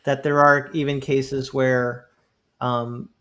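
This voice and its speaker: A man's voice: medium pitch, flat delivery, slow pace, a bit bright. A man who is a pastor and co-host, talking earnestly and checking that the others agree with him. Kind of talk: casual theology discussion.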